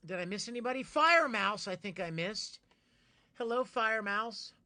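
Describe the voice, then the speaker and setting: Bright-voiced playful male streamer. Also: sits high, normal speed. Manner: playful, greets viewers warmly by name with bursts of excitement. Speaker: live streamer. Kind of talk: casual live-stream chat with viewers.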